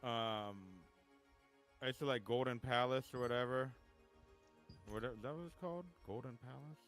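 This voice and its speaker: A man's voice: medium pitch, normal speed, fairly bright tone, soft background music. A man chatting casually while gaming, telling a funny story and laughing often as he acts out a friend's lines. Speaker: gaming streamer.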